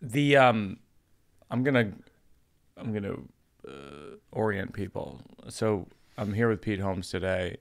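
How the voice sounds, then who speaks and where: A middle-aged comedian hosting a podcast, chatting with a friend in a dry, understated, easygoing way. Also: male voice, lowish voice, expressive, slow pace, gravelly. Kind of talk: casual chat between friends.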